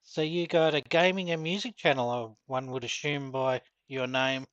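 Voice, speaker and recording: A man's voice: medium pitch, fairly even intonation, moderate pace, fairly bright tone, no echo, muffled recording. Australian male streamer, middle-aged, easygoing and talkative, dry close-miked sound. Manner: chatty, reads out and answers viewer comments. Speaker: gaming streamer. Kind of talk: casual live-stream chat while gaming.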